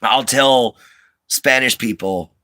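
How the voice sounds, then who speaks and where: A man with a slight Southern twang from the Southern US hosts a rambling, easygoing livestream from inside his RV, chatting with viewers and using lots of fillers and restarts. His mid-range voice is bright and forceful, and he takes his time. The recording has no echo.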